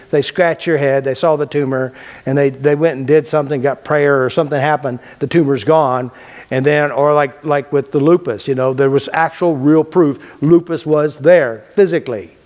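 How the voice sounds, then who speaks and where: A man's voice: fairly high pitch, a little mellow. A man teaching a class in a mind-body healing method, talking casually and bluntly. He repeats key phrases and asks and answers his own questions. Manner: casual and blunt, with loose restarts. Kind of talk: unscripted classroom lecture.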